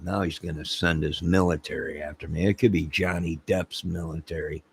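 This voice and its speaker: Channel host, male, low husky voice; slow, rambling comic storyteller who acts out quotes. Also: steady tone. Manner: laughs at own jokes, acts out quotes. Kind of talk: rambling comic anecdote to camera.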